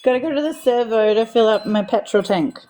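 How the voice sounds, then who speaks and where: A woman's voice: a little high, a little fast, warm tone, a little hiss or hum. A woman with an Australian accent, chatting casually and coaching friends through phrases on a livestream. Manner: laughs often, coaching others through phrases. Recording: livestream call audio.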